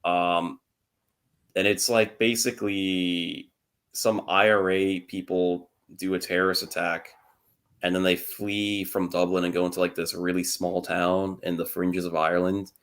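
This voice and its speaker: Deep-voiced young man rambling on a podcast. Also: flat delivery, unhurried, fairly bright tone. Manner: rambling, laughs often, swears casually. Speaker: podcast co-host. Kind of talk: casual chat.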